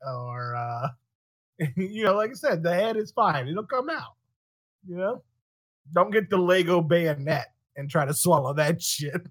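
A man hosting a podcast in casual chat, animated, swearing freely and laughing often. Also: fairly high pitch, measured pace, no room sound. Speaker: podcast host.

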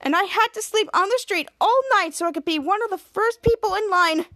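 A woman doing a brash teenage girl, sassy and matter-of-fact. The voice is high and bright, and it stays close to the narrator's own. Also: brisk.

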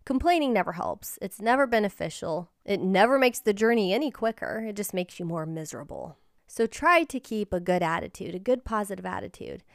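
A woman's voice: medium pitch, animated, fairly quick, dry recording, studio quality. A woman hosting a personal storytelling podcast, telling a story in an earnest, encouraging way. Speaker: podcast host and life coach.

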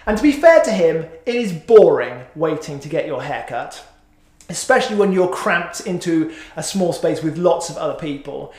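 A man's voice: on the high side, lively intonation, moderate pace, darkish tone. A middle-aged man preaching a sermon in a church, chatty and self-mocking, with many "uh"s. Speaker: pastor. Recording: echoey hall.

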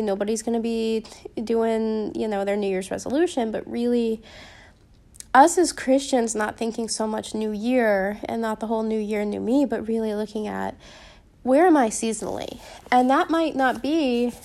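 A woman's voice: a little high, creaky, darkish tone. A young woman hosting a casual Christian podcast, with a slight Upper Midwestern accent, chatty and rambling with many ums and restarts. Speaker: podcast host.

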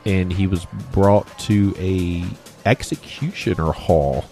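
A man's voice: low-pitched, slow, dark tone, soft background music. A man co-hosting a podcast, joking around while telling a story in casual chat. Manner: joking, wisecracking. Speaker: podcast co-host.

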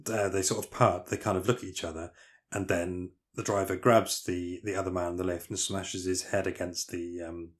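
Podcast co-host, male, very low voice, rambling and detailed scene recaps. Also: flat delivery, moderate pace. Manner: retells film scenes in detail with many fillers and restarts. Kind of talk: casual film discussion podcast.

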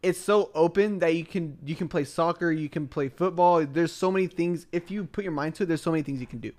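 A man's voice: fairly high pitch, fast, darkish tone. A young man from the United States co-hosting a podcast. He tells a story in casual chat, rambling, repeating himself and saying "like" a lot. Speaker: podcast co-host.

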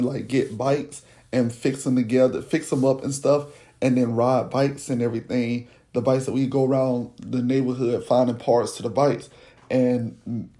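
A man slowly recounting a painful childhood memory as personal storytelling, speaking. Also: medium pitch, mellow. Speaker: podcast host telling his life story.

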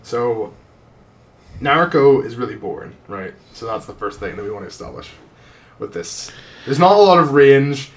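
A man's voice: medium pitch, lively intonation, moderate pace, a little hiss or hum. A man, co-hosting a podcast in loose, joking casual chat and swearing freely. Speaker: podcast co-host.

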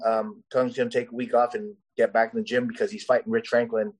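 A man's voice: medium pitch, level tone, fast talker, poor audio. A man, a professional fighter, telling stories in a casual interview, rambling and full of fillers. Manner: rambling, heavy with "you know" and "uh" fillers.

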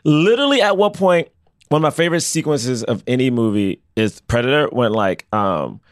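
Excitable slangy man, podcast co-host. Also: medium pitch, normal speed, no echo, studio quality. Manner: excitable, slangy, acts out lines. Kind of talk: casual chat.

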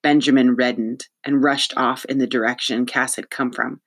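An audiobook narrator reading a chapter aloud in a steady, even storytelling voice. The pitch sits in a middle range. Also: moderate pace. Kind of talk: scripted narration.

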